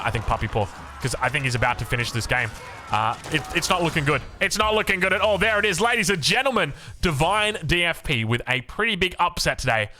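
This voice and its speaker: An Australian man giving animated, jokey esports match commentary with self-mocking asides. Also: on the high side. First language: English. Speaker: game caster.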